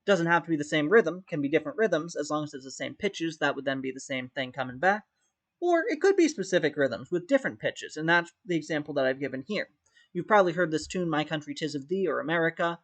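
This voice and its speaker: A man's voice: fairly high pitch, lively intonation, a little fast. A male music theory teacher explaining step by step in a recorded lesson, often demonstrating rhythms by humming them on "da". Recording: dull lo-fi recording.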